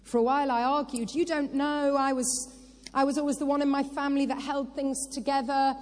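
A woman's voice: high-pitched, flat delivery, brisk. A woman preacher giving a sermon, telling her own story and rising into impassioned, crying prophetic declarations. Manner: testimony building to impassioned prophetic cries. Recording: long hall reverb with soft music.

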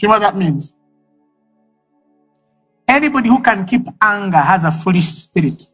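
A man's voice: high-pitched, animated, moderate pace, pauses often, a bit bright, husky, soft background music, rough recording. A man preaching a sermon, emphatic and repeating key phrases for effect.

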